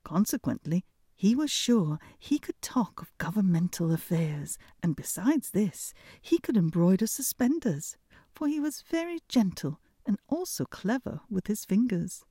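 A woman reading a fairy tale aloud in an expressive storytelling manner. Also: medium pitch, husky, no echo, clean studio sound. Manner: expressive, unhurried.

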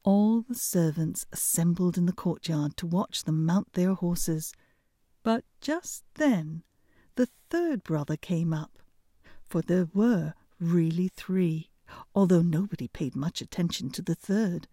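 Slow, expressive woman reading a fairy tale. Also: on the low side, no room sound, studio quality. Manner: expressive, unhurried. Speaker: storyteller.

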